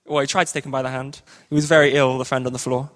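A man's voice: mid-range voice, little pitch movement, rapid-fire. A man telling a comic story and leading a group in a playful, upbeat, ad-libbing way.

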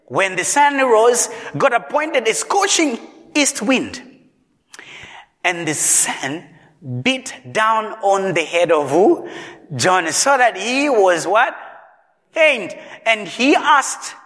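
A man's voice: high voice, sharp tone. A man preaching a sermon in a church hall, quizzing the congregation with rhetorical questions. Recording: long reverb in a large hall.

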